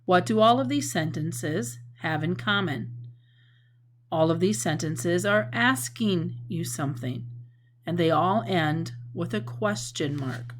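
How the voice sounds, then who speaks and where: A woman's voice: fairly low pitch, slow, slight background noise. A woman teacher giving a recorded lesson, explaining patiently and acting out example sentences with feeling.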